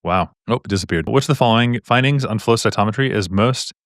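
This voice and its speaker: A man's voice: fairly low pitch, quick pace, dry recording, clean studio sound. A man tutoring on medical exam questions in a live stream, explaining in a casual, upbeat way with repetitions and slangy asides.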